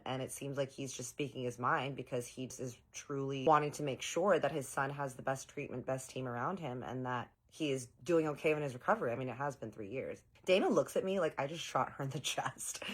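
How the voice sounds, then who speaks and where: A woman telling a story in a sassy, gossipy way. Her voice sits low for a woman and stays casual throughout. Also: expressive, brisk, few pauses, fairly bright tone, slightly rough.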